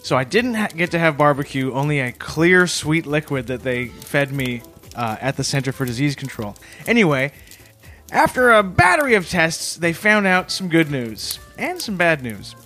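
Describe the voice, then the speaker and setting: Male comedy co-host, deadpan storyteller, bright and animated pitch, faint music under. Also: moderate pace. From Canada. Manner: deadpan, matter-of-fact storytelling. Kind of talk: deadpan improvised comedy chat.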